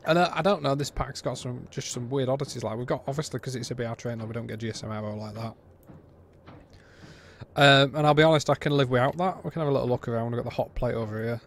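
A man's voice: medium pitch, fast, a little hiss or hum. A British man giving a casual, blunt and exasperated game review, rambling with frequent restarts.

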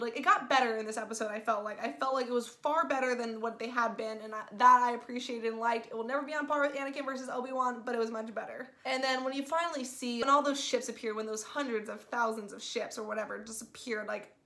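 A woman giving a casual spoiler movie review, gushing and excitable, with "like" in nearly every sentence. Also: on the high side. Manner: gushing, excitable, says "like" constantly.

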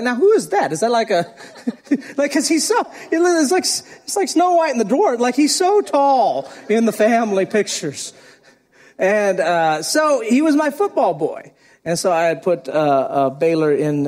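A middle-aged male pastor preaching a sermon, telling a story in a lively way and often laughing. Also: high voice.

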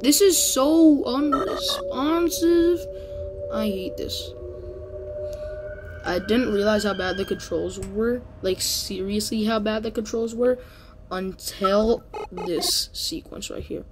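A woman's voice: mid-range voice, steady tone, slow, music in the background. A woman giving casual let's play commentary, exasperated and exclaiming as she complains about the game's controls. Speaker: gamer.

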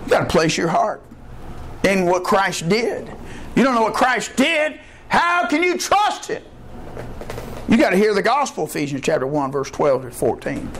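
A man preaching a sermon as pastor of a church, impassioned and folksy, rising to shouts. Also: high-pitched, sing-song, measured pace, long pauses, slight background noise.

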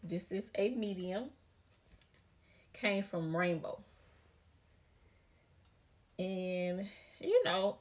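A woman's voice: on the low side, darkish tone. A woman from the United States, out of breath, chatting casually to her viewers through a try-on haul vlog and calling them "y'all" and "girl.". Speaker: vlogger.

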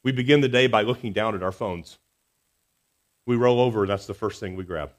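A man preaching a Sunday sermon in a church, earnest and expressive, swinging between emphatic rises and soft, quiet drops. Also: on the low side, brisk. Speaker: pastor. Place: church sanctuary.

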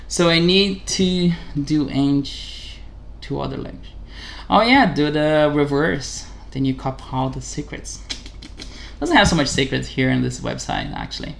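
A man hosting a casual vlog, talking haltingly in English, correcting himself and chuckling as he practices a new language. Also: mid-range voice, creaky. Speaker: channel host.

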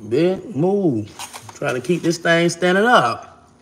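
A woman vlogging casually to camera, talking bluntly and brashly, cursing freely, with an animated, expressive delivery. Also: fairly low pitch, slow, a little hiss or hum.

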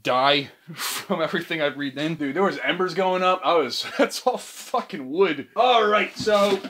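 A young man vlogging from his basement, talking in a rambling, profane, excitable way while sleep deprived and tired. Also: a little high, measured pace. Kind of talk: chaotic comedy vlog. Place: home basement.

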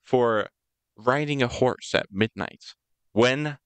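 A man's voice: mid-range voice, slow, clear, resonant tone, no room sound. A young man from the United States co-hosting a podcast, telling history in a rambling, joking way. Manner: rambling, joking, puts on voices for quotes. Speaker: podcast co-host. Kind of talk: casual chat, storytelling.

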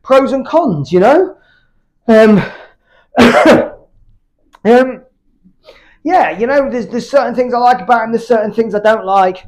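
A man's voice: very high voice, expressive, unhurried, pauses often, a little mellow. A British man chatting candidly between workout sets in his home gym, rambling and swearing freely. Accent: British English. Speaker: fitness YouTuber.

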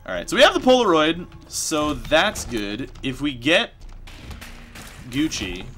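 A male streamer talks through his game in a loose, excitable way, swearing freely when things go wrong. His pitch is lively and wide-ranging. His tone is bright and forward. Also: a little slow. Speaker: streamer playing a video game. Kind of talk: casual game commentary.

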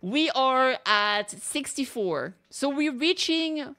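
A young woman streamer reacting loudly to game pulls, talking to the screen and shouting when things go wrong. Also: high-pitched, slow pace. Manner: excitable, yells at the game. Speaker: gaming streamer.

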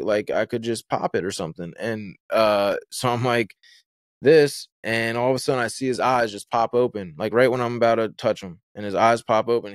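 Young man, lowish voice, dry close mic, rambling storyteller. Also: no echo. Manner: rambling, fillers and restarts, vivid retelling. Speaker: guest telling his story. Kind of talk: casual storytelling.

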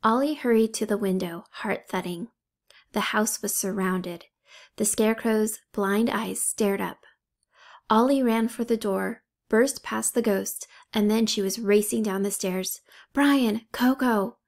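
Slow, gravelly-voiced woman reading a storybook. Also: medium pitch. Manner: steady unhurried reading with lightly acted dialogue. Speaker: audiobook reader. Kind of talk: storybook narration.

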